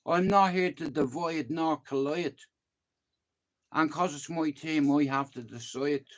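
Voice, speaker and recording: A man's voice: on the high side, unhurried. An Irish man in his fifties, chatting on a livestream in a rambling way, often repeating himself and swearing casually. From Ireland. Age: 50s. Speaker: YouTube livestreamer.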